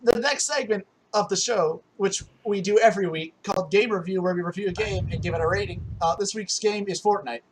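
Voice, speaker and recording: A man's voice: high voice, a little fast, hardly any pauses, a little hiss or hum, low-quality recording. A man hosting a casual podcast chat, rambling and a bit mumbly as he talks. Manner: mumbly, rambling, hard to follow. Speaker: podcast host.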